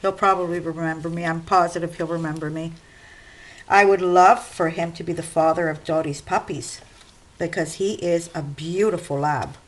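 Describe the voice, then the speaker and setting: A woman's voice: fairly low pitch, fairly even intonation, moderate pace, a little hiss or hum, low-quality recording. A middle-aged woman vlogging casually while working at her craft desk at home, rambling and speaking straight to her viewers. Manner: chatty, rambling, addresses viewers directly.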